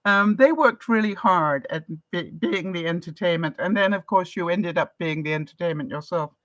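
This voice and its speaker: An older Englishwoman with an English accent chats on her live stream as a vlogger, reading viewer comments aloud and laughing often. Her voice is lowish and a bit bright, at a moderate pace, with no room sound.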